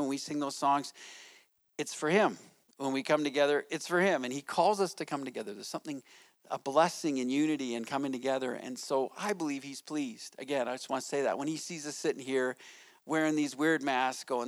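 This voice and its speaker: Conversational middle-aged man preaching. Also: mid-range voice. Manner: conversational, often asks "right?". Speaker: pastor. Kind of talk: sermon. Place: church sanctuary.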